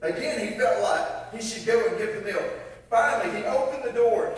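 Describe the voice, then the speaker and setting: A man's voice: high voice, animated, a little fast. A man preaching a sermon, telling a story with acted-out voices and laughing at himself. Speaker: pastor. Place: large church sanctuary. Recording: echoey hall from far off.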